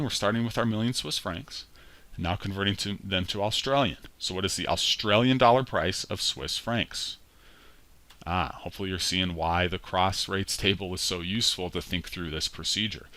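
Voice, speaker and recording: A man's voice: on the low side, normal speed, pushed and bright. A male instructor talking through a spreadsheet tutorial in a conversational way, correcting himself as he goes. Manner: conversational, walks through steps aloud with self-corrections. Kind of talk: screen-recorded spreadsheet tutorial.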